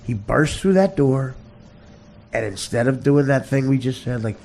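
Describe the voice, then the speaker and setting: A man hosting a podcast, launching into a profane comedic rant that swings between loud shouted bursts and low muttering, with stammered restarts. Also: normal speed, vocal fry, a little hiss or hum. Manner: heavy cursing, repeats and stammers. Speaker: podcast host.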